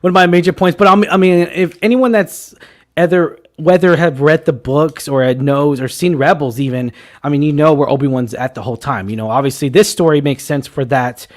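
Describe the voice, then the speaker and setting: A man co-hosting a movie talk show, excitable and jokey in casual chat. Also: on the high side, fairly quick. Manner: excitable, jokey, restarts a lot. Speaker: podcast co-host.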